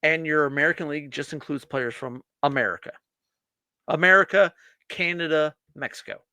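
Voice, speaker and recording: A man's voice: on the high side, normal speed, sharp tone, no echo. A man co-hosting a casual beer-drinking podcast chat, riffing emphatically and profanely. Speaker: podcast co-host.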